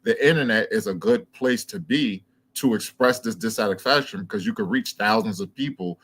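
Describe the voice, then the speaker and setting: A man speaking as a guest on a livestream, talking in a measured way and leaning on frequent fillers. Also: lowish voice, a bit bright, husky. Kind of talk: casual discussion.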